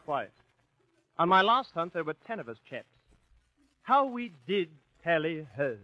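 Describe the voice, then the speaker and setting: A man's voice: a little high, big pitch swings, unhurried, dull audio. A man putting on a blustering, pompous fake upper-class English voice, full of posh slang, on an old radio broadcast with hiss.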